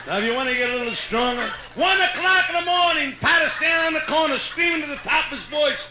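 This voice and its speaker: High-voiced Brooklyn comedian telling jokes. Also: male voice, fast, hardly any pauses. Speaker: stand-up comedian. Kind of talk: live stand-up joke telling. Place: hotel nightclub stage. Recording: echoey live room with crowd noise.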